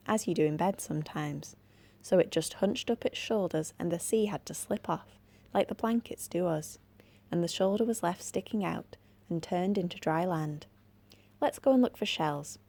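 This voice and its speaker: A woman's voice: on the low side, lively intonation, normal speed, darkish tone. A woman doing a cocky, know-it-all boy. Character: bold, boastful boy.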